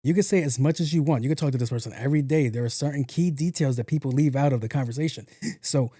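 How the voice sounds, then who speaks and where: A man's voice: medium pitch, fast talker, dark tone, dry recording, clean studio sound. A man hosting a podcast in casual commentary, joking, swearing a lot and repeating himself. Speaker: podcast host.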